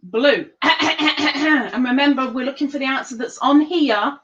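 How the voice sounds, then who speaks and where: Chatty woman running a trivia stream, slow easy talk, muffled low-fi audio. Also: a bit bright. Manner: chatty, playful, reads questions out slowly. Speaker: livestream quiz host. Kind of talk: casual live-streamed trivia hosting.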